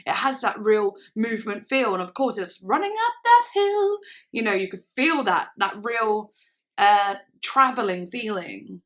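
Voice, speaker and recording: A woman's voice: fairly high pitch, expressive, moderate pace, a bit bright. A young woman chats enthusiastically as she reacts to music, sometimes singing along. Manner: chatty and enthusiastic, sings along to snippets. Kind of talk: casual reaction chat. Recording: music playing faintly behind the voice. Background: song playing in the background.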